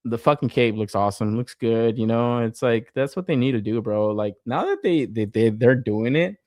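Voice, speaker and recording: A man's voice: medium pitch, moderate pace, dry recording, studio quality. A man co-hosting a toy collecting podcast, chatting casually and swearing constantly as he reviews an action figure. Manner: profane, animated, laughs often. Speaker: podcast co-host.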